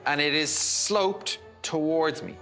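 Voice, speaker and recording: A man's voice: a little high, slow pace, sharp tone, faint music behind. A man demonstrating a science experiment for children, enthusiastic and explanatory. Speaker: science presenter.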